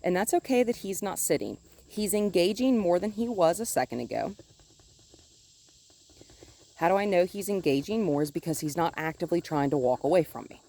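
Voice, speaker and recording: A woman dog trainer filming outdoors on a phone held in one hand, calmly explaining her methods and now and then talking to the dog in a high sing-song voice. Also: a little fast. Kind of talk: instructional dog-training video. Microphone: phone held in one hand while filming.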